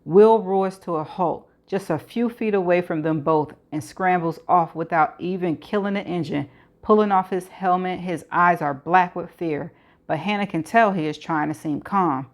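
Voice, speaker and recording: A woman reads a thriller novel aloud as the host of a reading show. Her voice sits on the lower side and her narration is steady, with the odd stumble and restart. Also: normal speed. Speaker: audiobook reader.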